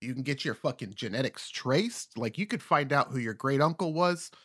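A man's voice: mid-range voice, animated, a bit bright. Rambling man in casual chat. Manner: rambling, profane, halting restarts.

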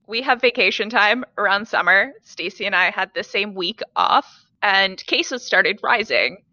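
A woman's voice: mid-range voice, bright, forceful tone, no room sound, highs cut off. A woman co-hosting a casual podcast, telling stories in a chatty, wry way. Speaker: podcast co-host.

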